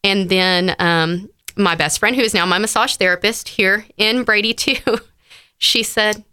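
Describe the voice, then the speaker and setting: Woman, thirties, bright voice, dry close sound, heartfelt storytelling. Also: mid-range voice, fairly even intonation, measured pace, clear, resonant tone, dry recording. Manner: heartfelt storytelling, frequent fillers. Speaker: interview guest. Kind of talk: personal story in conversation.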